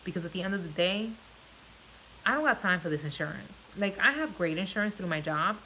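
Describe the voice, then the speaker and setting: A woman's voice: mid-range voice, bright, forceful tone, slight background noise, low-quality recording. A woman with a New Jersey accent, born in Puerto Rico, chatting frankly and swearing freely on a live stream with viewers. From born in Puerto Rico, raised in New Jersey. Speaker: vlogger answering live viewer questions. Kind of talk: casual live-stream chat.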